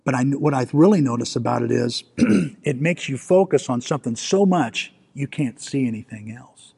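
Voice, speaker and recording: A man preaching a storytelling sermon, animated and self-mocking, acting out the scenes he recounts. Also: medium pitch, moderate pace, vocal fry, slightly rough. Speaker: pastor. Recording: long hall reverb.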